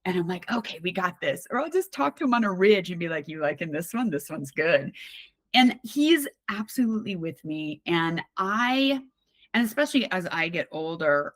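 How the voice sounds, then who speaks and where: A woman on a podcast as a guest, talking in a candid, animated, conversational way with frequent restarts. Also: lowish voice, moderate pace, no echo. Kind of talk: casual conversational storytelling.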